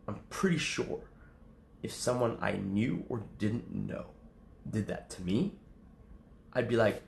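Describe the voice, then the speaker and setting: A man's voice: fairly low pitch, expressive, slow pace, gravelly, pauses often, roomy sound, a little hiss or hum. A man livestreaming casual chat to his viewers, rambling and swearing, often laughing. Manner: rambling, profane, laughs a lot.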